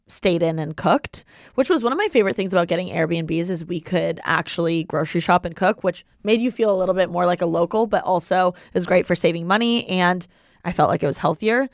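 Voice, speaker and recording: This LA-based podcast host is a woman in her twenties with a fairly low-pitched voice. She chats casually in a giggly, bubbly manner, full of filler words, recorded with studio quality and no room sound.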